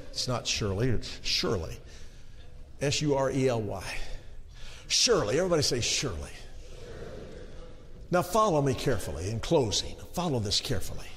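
A male pastor preaching an emphatic sermon. He swings between hushed talk and shouting and calls on the congregation to respond. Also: medium pitch, long reverb tail.

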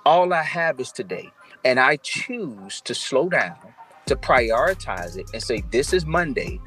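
A man's voice: medium pitch, big pitch swings, a little slow, a bit bright, faint music behind. A man from Georgia hosting a casual faith podcast, talking in an affirming, preachy way. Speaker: podcast host.

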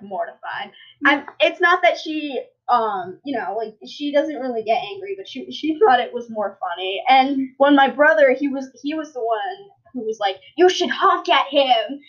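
Young woman, high voice, rambling casual podcast host with a dull lo-fi sound. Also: expressive, normal speed, a bit bright. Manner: rambling storyteller, many fillers and restarts. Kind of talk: casual chat.

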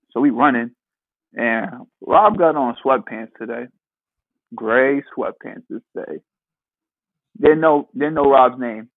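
A man in his twenties in a casual chat, telling stories in a relaxed way and laughing along. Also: medium pitch, measured pace, long pauses, dry recording. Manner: relaxed storytelling with laughter and voiced quotes. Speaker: podcast co-host. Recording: thin phone-like line.

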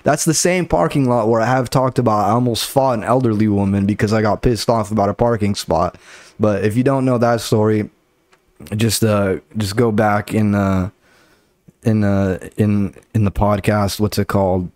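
A man's voice: lowish voice, steady tone, moderate pace, a little mellow, no echo. Rambling, foul-mouthed male comedian. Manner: profane, rambling, loose. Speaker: comedian and podcast host. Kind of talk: casual comedic storytelling.

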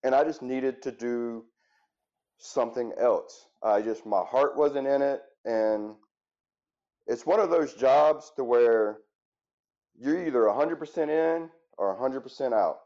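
Earnest man, dark mellow voice. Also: mid-range voice, unhurried, highs cut off. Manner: earnest and reflective, with frequent restarts. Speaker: interview guest, former firefighter turned business owner. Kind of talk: candid interview storytelling.

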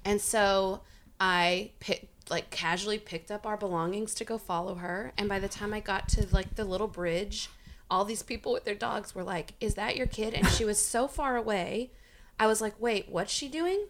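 A woman in her thirties, a guest telling a story in casual chat, animated and laughing as she acts out quoted voices. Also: mid-range voice, moderate pace.

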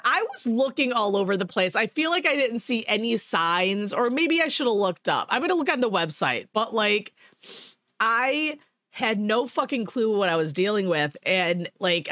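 A woman hosting a podcast, telling a rambling, animated story in casual chat, with swearing and laughter. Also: mid-range voice, moderate pace, no echo, clean studio sound. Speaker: podcast host.

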